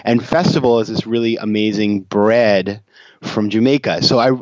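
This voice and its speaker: A man's voice: fairly low pitch, fairly even intonation, moderate pace, no room sound, highs cut off. A man talking as a guest on an interview podcast, chatty and self-deprecating, laughing easily. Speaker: guest author and investor. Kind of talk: interview conversation.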